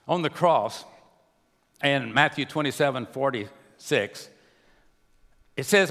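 A man preaching a sermon to a church, swinging between hushed and raised delivery. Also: medium pitch, slow, long pauses. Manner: preaching with wide swings from soft to loud. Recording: long hall reverb.

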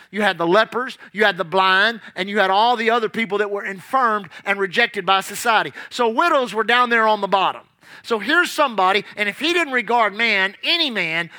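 High, bright-voiced preacher man. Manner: emphatic, repeats key lines, storytelling. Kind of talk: sermon.

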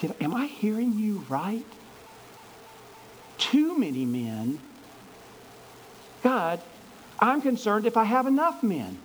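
A man playing Gideon, an anxious but eager army leader, who speaks in excited, pleading questions. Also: sits high, slow pace, pauses often, a little hiss or hum, voice pushed up, heavily acted, low-quality recording. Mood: bewildered.

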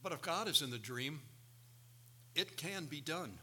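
Bright-voiced male preacher telling stories. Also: fairly high pitch, a little slow, slightly rough. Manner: animated storytelling with quoted voices. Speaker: pastor. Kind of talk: sermon.

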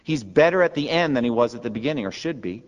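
A man's voice: mid-range voice, expressive, fast, lo-fi sound. A man preaching a sermon as pastor, earnest and emphatic, asking his listeners rhetorical questions. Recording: long hall reverb.

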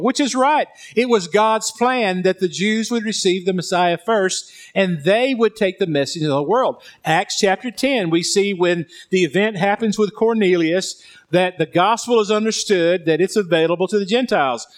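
Male pastor, high voice, sermon delivery with hushed emphatic drops and repetitions. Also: animated, moderate pace. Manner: preaching with sudden drops to soft, low emphasis; repeats words and restarts sentences.

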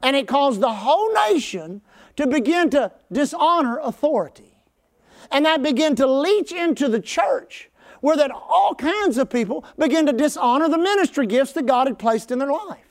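A male pastor preaching a sermon, calling on the congregation to answer back and rising to shouts at the high points. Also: lively intonation, normal speed. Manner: call-and-response with the congregation; fervent, conversational preaching.

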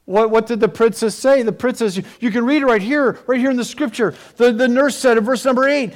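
High-voiced male preacher telling a story. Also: fast talker, hardly any pauses. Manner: dramatic, storytelling, with rising and falling intensity. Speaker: pastor. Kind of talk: sermon.

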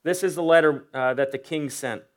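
Earnest preacher, man with slightly high voice. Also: fairly quick. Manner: earnest, builds to emphatic peaks, frequent "uh" fillers; voices imagined inner thoughts of a biblical figure. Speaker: pastor. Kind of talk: sermon.

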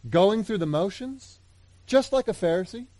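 A man preaching a sermon in an earnest way, moving between loud appeals and hushed asides. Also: high voice, animated, moderate pace. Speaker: pastor.

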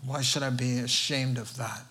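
A man's voice: medium pitch, steady tone, normal speed, pushed and bright. A man preaching a sermon, telling a story with emphasis and building repetitive rhetorical lists.

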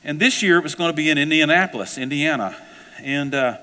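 A man preaching a sermon, telling a personal story in a conversational, animated way. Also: fairly high pitch, fairly quick, in a large hall. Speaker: pastor.

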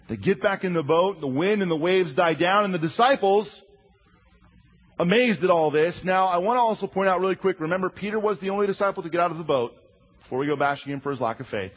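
A husky, fairly high-voiced man preaches a sermon, telling the story with a wide, animated swing in pitch. He acts out quotes as he goes. The recording sounds dull and lo-fi. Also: fairly quick. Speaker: preacher teaching a Bible lesson. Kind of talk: sermon, drawing while teaching.

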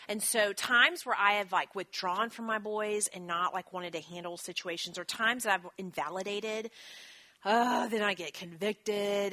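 A woman, teaching a church marriage class in a chatty, self-deprecating way with quick asides. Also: medium pitch, bright, forceful tone. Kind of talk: teaching talk with scripture.

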